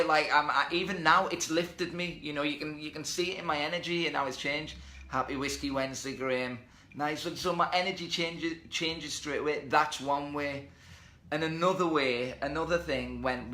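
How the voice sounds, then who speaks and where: A man's voice: fairly high pitch, fairly even intonation, moderate pace, bright, forceful tone, roomy sound. A man hosting a motivational live stream from home, talking energetically and reading out viewer comments. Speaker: host. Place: indoors at home. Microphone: webcam or phone.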